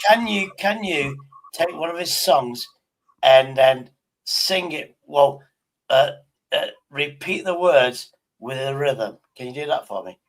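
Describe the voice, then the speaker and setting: A man's voice: fairly high pitch, lively intonation, slow pace, poor audio. A man hosting a live stream and prompting an AI chatbot, talking casually, stumbling and repeating words, with casual swearing. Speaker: livestream host.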